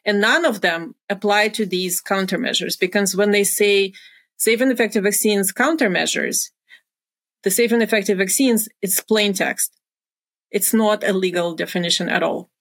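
A woman's voice: medium pitch, moderate pace, a bit bright. A middle-aged woman, a former pharmaceutical research executive, explaining things as an interview guest in earnest, careful steps.

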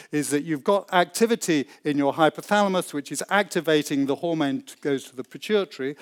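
Lively man giving a science lecture. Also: on the high side. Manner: enthusiastic explainer, acts out quoted voices. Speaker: researcher giving a talk.

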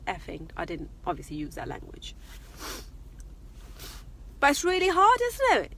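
A woman's voice: medium pitch, very animated, moderate pace, pauses often, fairly bright tone, slight background noise. A middle-aged woman chatting casually and confidingly on a live vlog from her parked car. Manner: chatty, confiding, laughs often. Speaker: vlogger.

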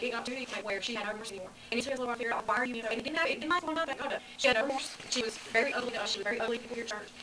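A woman at a church Bible study earnestly sharing a personal testimony. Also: on the high side. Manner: earnest, emotional, rushed. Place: church room with a group. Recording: distant mic in noisy room.

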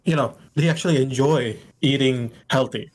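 A man's voice: medium pitch, moderate pace. A man co-hosting a podcast in casual chat, dropping dry one-liners. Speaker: podcast co-host.

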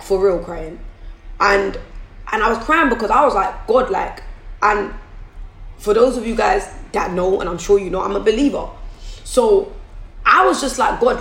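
Candid woman, echoey room. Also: mid-range voice. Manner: candid, repeats and restarts, addresses viewers as guys. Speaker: business owner vlogger. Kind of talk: casual motivational talk to camera. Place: room at home.

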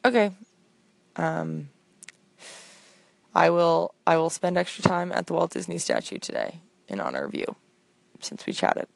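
A woman's voice: on the low side, wildly swooping pitch, a little slow, vocal fry, long pauses, no room sound. A young woman hosting a show, rambling through a comic voicemail in a chatty, self-deprecating way. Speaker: podcast host.

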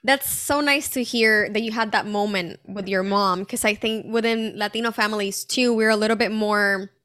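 A woman's voice: mid-range voice, fairly even intonation, normal speed, a bit bright. A woman interviewer asking questions in a friendly, conversational way.

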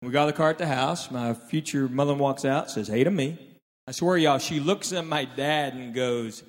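A stand-up comedian performs on a live stage in a large hall, animatedly telling stories and acting out his relatives' lines. His voice is medium-pitched at a normal speed, and the reverberant hall carries faint room noise.

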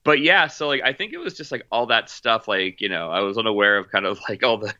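A man's voice: lowish voice, expressive, quick pace, sharp tone, no echo, lo-fi sound. A man chatting casually about movies, rambling with lots of fillers and restarts. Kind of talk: casual chat.

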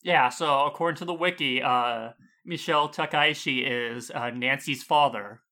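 A man co-hosting a podcast, chatting casually and throwing in quick jokes. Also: medium pitch, bright, forceful tone. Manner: joking, quick quips. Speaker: podcast co-host. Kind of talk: casual chat.

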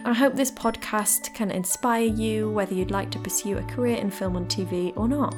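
A woman's voice: mid-range voice, moderate pace, over music. A woman, hosting her podcast from home next to a radiator. She chats in a bubbly, self-deprecating way. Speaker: podcast host. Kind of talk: casual chat. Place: home room beside a radiator. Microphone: desk podcast mic.

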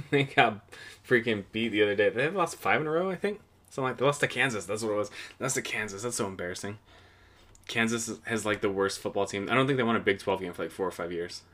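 A young man recapping the week's games on his own podcast, talking loosely and cursing freely. His voice sits a little on the low side, and he drifts through his thoughts with fillers and restarts. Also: sharp tone. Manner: rambling, profane, offhand. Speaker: podcast host. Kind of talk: casual solo football podcast recap.

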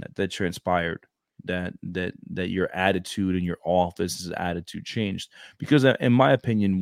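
Young brooklyn guy, kinda low voice, says bro constantly, super dry close mic. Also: no room sound. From Brooklyn, New York. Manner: slangy and animated, says "bro" often. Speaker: podcast host, recruiter. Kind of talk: casual podcast chat.

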